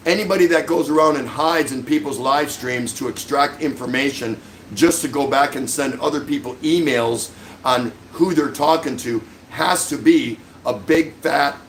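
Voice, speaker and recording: Streaming live, a middle-aged man fires off a furious, mocking rant full of insults in a slightly high voice. The rough recording carries a bit of hiss or hum.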